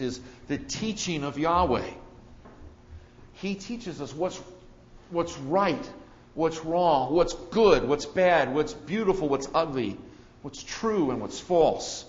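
Guy preaching a bible sermon, kinda high voice, hits key words hard then goes quiet, dull muffled recording. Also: animated, slow pace. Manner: emphatic, rising on key words then dropping low. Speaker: pastor. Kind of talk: expository sermon.

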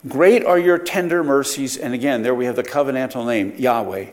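A man's voice: medium pitch, a little fast. A man teaching a Bible study lecture, explaining verses with frequent rhetorical questions and self-corrections.

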